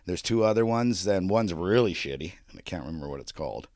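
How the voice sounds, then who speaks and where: A man co-hosting a podcast, telling a travel story in casual chat, profane and animated. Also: low voice, quick pace, no room sound, studio quality. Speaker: podcast co-host.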